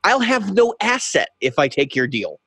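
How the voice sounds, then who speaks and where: Man, podcast co-host, casual storytelling, acts out both sides, lively swooping voice, dry close sound. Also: high voice, normal speed, gravelly, breathy edge, dry recording. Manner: animated, acts out both sides of a heated exchange.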